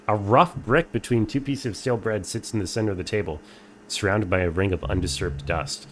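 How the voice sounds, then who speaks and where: A young man with a fairly low voice plays through a game on stream. He reads the on-screen text aloud and answers viewers in a dry, offhand way. A faint hiss sits under his voice. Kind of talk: casual game playthrough commentary.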